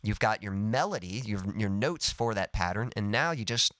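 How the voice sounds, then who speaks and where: A man's voice: lowish voice, lively intonation, normal speed, very noisy. A man teaching songwriting in a live lesson, explaining step by step in an easygoing way with lots of "sort of" and "kind of.". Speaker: songwriting coach.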